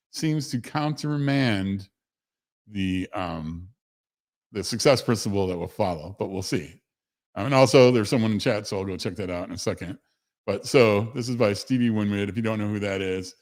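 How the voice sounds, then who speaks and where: A man with a somewhat low voice hosts a casual livestream. He rambles in a loose, chatty way, corrects himself mid-sentence and answers viewers in the chat. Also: a little mellow. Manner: rambling, conversational, with fillers and self-corrections; reads chat messages aloud to viewers. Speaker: host of a livestream show.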